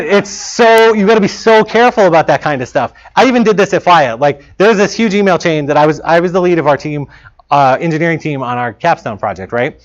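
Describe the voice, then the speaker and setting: A fairly high-voiced man speaks casually to a room of students about working in game development. He keeps it chatty and acts out what he said in past moments. The recording sounds a bit muffled and lo-fi. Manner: casual, chatty, quotes himself in lively asides. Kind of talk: informal talk to students. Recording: dull lo-fi talk recording.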